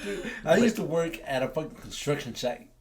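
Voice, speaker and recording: A man joking around as a podcast guest, cracking crude deadpan quips. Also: fairly high pitch, brisk, a crowd in the background. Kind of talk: casual podcast chat.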